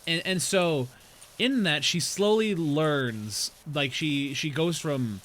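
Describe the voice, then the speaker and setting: A man's voice: on the high side, slow, fairly bright tone, poor audio. A man streaming a game, chatting casually and explaining things in a rambling way. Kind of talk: casual chat while gaming.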